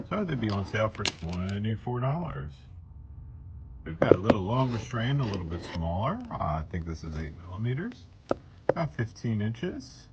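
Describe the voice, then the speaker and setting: A bead shop owner holds the camera himself while walking through his weekly specials in rambling, jokey sales patter, a casual product showcase. His voice is lowish, the highs are cut off, and loud background music makes it very noisy.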